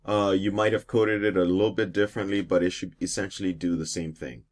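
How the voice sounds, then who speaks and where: A male teacher with a deep voice talks briskly through a coding exercise as he types, recorded as a screen-capture lesson. He explains each step steadily, dropping in a few fillers.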